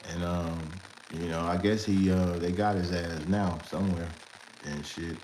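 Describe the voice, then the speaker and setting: A man with a fairly low voice spins a loose, laughing street story, full of slang and asides. He sounds like he's in an echoey room, with a faint hum of ambience behind him. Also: measured pace. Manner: animated, laughing retelling with heavy slang. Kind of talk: casual storytelling.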